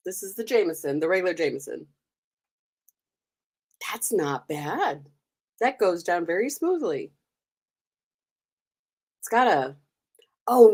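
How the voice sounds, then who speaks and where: Brief: American woman host, casual live-chat banter, mid-pitched voice, quick to laugh. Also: a little mellow. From United States. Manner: chatty, giggly, teasing the chat. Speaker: livestream host.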